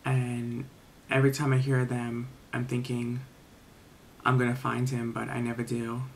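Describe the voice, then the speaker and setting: A man's voice: mid-range voice, completely flat delivery, measured pace, vocal fry, slight background noise. A man quoting a grieving, angry father. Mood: mournful. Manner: defensive and curt. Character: grieving, angry middle-aged father in a cabin.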